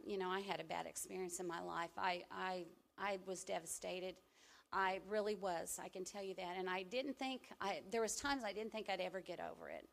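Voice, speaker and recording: A middle-aged woman from the American Midwest delivers a sermon in a conversational, storytelling way. She swings between loud, emphatic bursts and soft asides to her congregation. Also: medium pitch. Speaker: preacher. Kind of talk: sermon with personal testimony.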